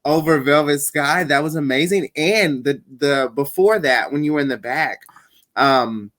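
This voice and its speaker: A man hosting a casual interview, easygoing and quick to agree with his guest. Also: fairly high pitch, a bit bright. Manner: easygoing, lots of agreeing backchannels. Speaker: podcast host, interviewer.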